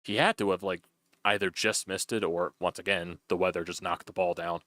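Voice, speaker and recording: A man's voice: low-pitched, fairly even intonation, moderate pace, a bit bright, no echo. A young man doing loose, chatty play-by-play on a live stream, swearing freely as he calls a baseball game.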